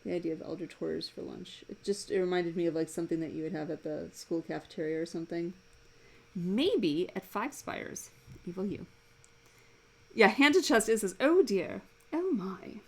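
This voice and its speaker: Chatty woman streamer drawing live, voice sits low with a gravelly edge; amused, rambling asides. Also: moderate pace, rough recording. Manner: chatty and amused, laughs often, rambles between thoughts. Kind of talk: casual chat while drawing live. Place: home desk.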